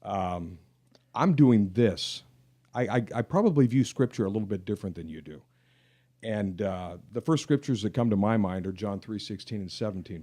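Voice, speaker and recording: Earnest low-voiced middle-aged man. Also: moderate pace, mellow. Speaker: podcast co-host. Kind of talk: casual podcast chat.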